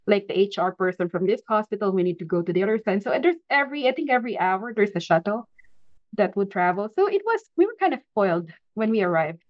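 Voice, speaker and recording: A woman from the Philippines, a podcast guest telling her story in a casual interview, animated and quick to laugh, often restarting her sentences. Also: mid-range voice, no room sound, muffled recording.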